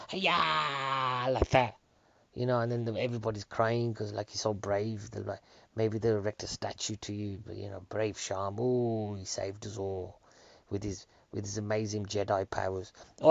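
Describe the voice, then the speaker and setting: Gravelly man rambling on a podcast. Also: lowish voice, no echo, lo-fi sound. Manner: rambling, jokey, deadpan asides. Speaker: podcast host. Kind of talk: casual solo podcast chat.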